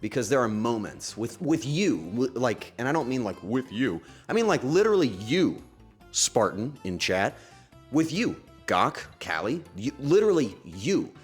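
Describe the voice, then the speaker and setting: A man streaming casually from home, talking to his chat in an emotional, halting way and breaking into sudden excited outbursts. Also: mid-range voice, husky, soft background music. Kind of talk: casual livestream chat to viewers.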